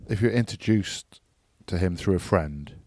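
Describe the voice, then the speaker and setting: A man's voice: sits low, animated, normal speed, warm tone, dry recording, clean studio sound. A man in casual chat, adding short teasing remarks to his friend. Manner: short teasing interjections, calls friend mate. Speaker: podcast co-host.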